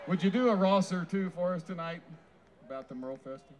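A man hosting a live variety show with folksy emcee patter and shouted introductions. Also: sits high, fast talker, a little hiss or hum. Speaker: show host.

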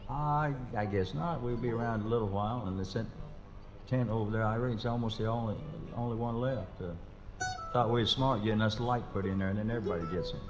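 A man's voice: fairly low pitch, steady tone, fast, over music. A man serving as bandleader, with rambling, folksy, self-deprecating stage banter. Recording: echoey live hall with crowd noise.

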